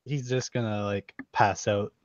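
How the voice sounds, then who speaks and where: A young man narrating as game master, laughing as he quotes characters in quick snatches. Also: fairly low pitch, fairly even intonation, dry recording. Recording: dull, dry lo-fi recording.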